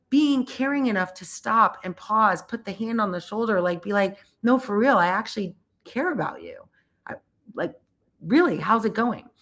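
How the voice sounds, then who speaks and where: Animated woman telling a personal story. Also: medium pitch. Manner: animated, laughs often, says "like" a lot. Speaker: host.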